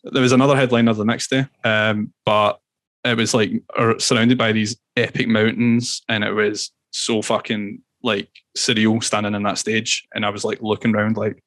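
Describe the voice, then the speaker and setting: A man, a musician as podcast guest, telling animated stories with swearing and laughs. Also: mid-range voice, normal speed, dry recording. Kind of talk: casual storytelling interview.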